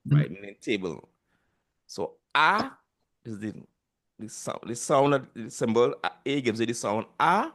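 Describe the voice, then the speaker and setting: A man's voice: medium pitch, very animated, unhurried, fairly bright tone. A man with a Trinidadian accent teaching a language class over a video call, patiently repeating sounds for students to echo. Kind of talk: online class instruction.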